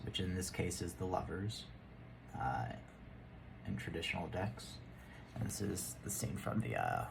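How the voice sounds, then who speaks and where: A man's voice: deep voice, vocal fry, background noise. A man giving a rambling, casual tarot reading, laughing and muttering asides to himself. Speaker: tarot reader.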